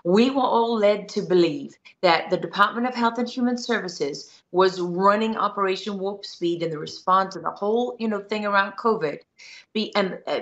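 A woman's voice: medium pitch, a bit bright, dull audio. A woman journalist giving interview answers, earnest and insistent as she builds her case step by step. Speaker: guest journalist.

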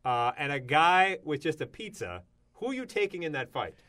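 A man co-hosting a casual show, telling odd news stories with big bursts of excitement. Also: a little high, normal speed. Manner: animated storytelling with sudden loud exclamations. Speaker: radio show co-host.

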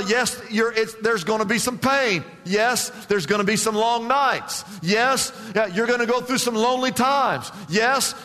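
A man pastor preaching a sermon emphatically, with big swings in pitch and loudness, in a church. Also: in a large hall.

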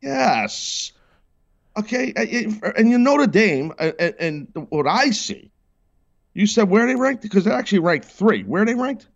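A man's voice: high voice, animated, normal speed, lo-fi sound. Brash man hosting a sports call-in show. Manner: brash, mock-indignant ranting. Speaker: host. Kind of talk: sports talk radio call-in.

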